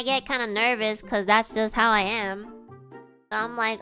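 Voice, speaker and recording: A woman's voice: fairly high pitch, fairly even intonation, normal speed, pushed and bright, soft background music. A young woman streamer telling a story to her chat in a casual, giggly way, full of "like" and "you know".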